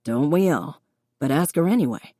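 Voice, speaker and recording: A woman's voice: low voice, animated, moderate pace, dry recording, studio quality. A woman narrator voicing a patient, encouraging young man who teaches cooking to a friend in an audiobook. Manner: patient, encouraging, gently instructive.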